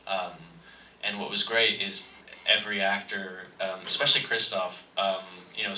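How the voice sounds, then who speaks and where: Flat, low-voiced young man on a panel. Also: slight background noise. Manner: halting, filler-heavy. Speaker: film actor on a convention panel. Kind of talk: casual panel answers. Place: large convention hall. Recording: echoey hall, voice from far off.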